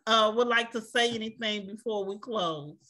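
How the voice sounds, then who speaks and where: A woman's voice: on the high side, moderate pace, background noise. A woman hosting an online school assembly over a video call, thanking each person by name with frequent religious praise phrases. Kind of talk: warm emotional assembly hosting.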